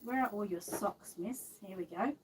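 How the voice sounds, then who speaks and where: An Australian woman runs a casual live stream, reading viewer comments aloud and coaxing a doll in a fond sing-song voice while laughing often. Her voice sits in the mid-range at a moderate pace, with a noisy background behind her.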